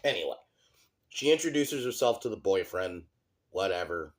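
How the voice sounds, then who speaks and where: A man's voice: low-pitched, animated, normal speed, slight background noise. A young man giving a casual, sarcastic and profane movie review, full of fillers like "like" and "um". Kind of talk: casual ranting commentary.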